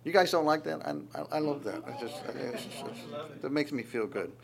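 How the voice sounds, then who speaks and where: A man preaching a sermon, lively and conversational, often stammering on repeated words and acting out quoted voices. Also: on the high side, fairly quick, vocal fry, crowd noise. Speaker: pastor.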